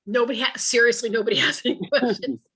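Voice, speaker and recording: Woman speaker on a video call, bright and somewhat high voice, chatty folksy storyteller who acts out quotes. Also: expressive, quick pace, husky, low-quality recording. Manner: colloquial, folksy phrasing. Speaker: author and speaker. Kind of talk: storytelling talk to an online audience.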